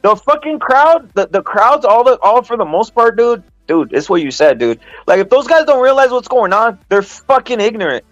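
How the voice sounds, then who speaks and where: A man's voice: very high-pitched, sing-song, normal speed, hardly any pauses, muffled recording, soft background music. A man in casual boxing chat, profane, rambling and emphatic.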